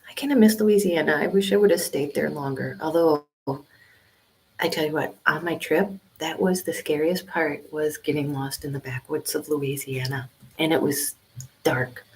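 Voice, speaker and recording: A woman over fifty chatting on a casual livestream, whispering quietly from a small library study room. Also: deep voice, slight background noise, rough recording. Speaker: vlogger doing a livestream.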